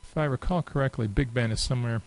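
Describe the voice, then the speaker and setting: Man casually narrating a software demo. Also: medium pitch, poor audio. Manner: casual and unhurried, many filler pauses. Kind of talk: unscripted screen-share walkthrough.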